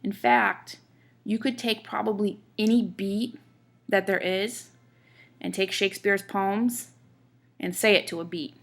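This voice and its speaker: A woman teaching a class in a lightly gravelly voice. She explains patiently, one step at a time, and checks that her listeners follow. When she reads verse aloud, she leans hard on the stressed beats. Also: mid-range voice, fairly even intonation, a little slow. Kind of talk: classroom lecture on poetry.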